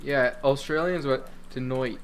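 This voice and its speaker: A man's voice: mid-range voice, fairly even intonation, unhurried. A man hosting a casual podcast, chatting and joking with friends as he wraps up the episode. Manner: joking, wraps up the show with playful outro. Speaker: podcast host. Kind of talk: casual chat among friends.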